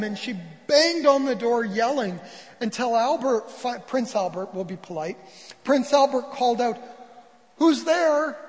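A man's voice: very high voice, big-room sound, rough recording. A man preaching a sermon as a pastor, telling a story and acting out the quoted voices.

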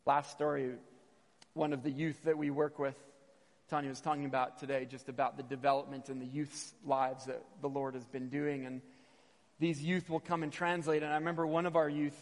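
A man in his thirties giving a sermon with personal stories, animated and repeating phrases for emphasis, sometimes stumbling over words. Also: a little high. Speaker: missionary preacher. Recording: long hall reverb.

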